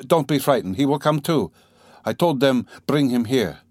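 A man voicing an earnest, anxious young man who speaks quickly and urgently. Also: mid-range voice, animated, darkish tone, dry recording, clean studio sound, lightly acted.

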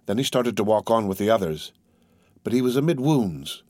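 A man narrating a classic novel as an audiobook in a measured, even reading. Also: on the low side, dry recording, clean studio sound.

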